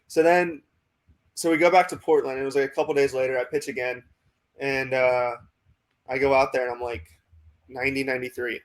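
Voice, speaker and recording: Relaxed young man, even-toned storytelling. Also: medium pitch, a little fast, long pauses. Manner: rambling, heavy with "like" and "you know"; acts out quoted coaches in dialogue. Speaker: pitching prospect guest. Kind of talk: casual storytelling interview.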